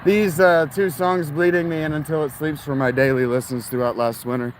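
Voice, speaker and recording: Out on town streets with traffic noise around him, a street vlogger and storyteller talks casually as he walks, winded, blunt, profane, and prone to rambling tangents. His voice is on the high side and steady, moving a little fast. The audio is poor.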